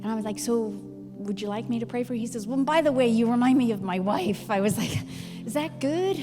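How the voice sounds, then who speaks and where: A middle-aged woman pastor with a fairly high voice and lively intonation tells a personal story during a sermon in church, speaking fairly quickly and acting out both sides of the conversation. The recording has long hall reverb with music behind her.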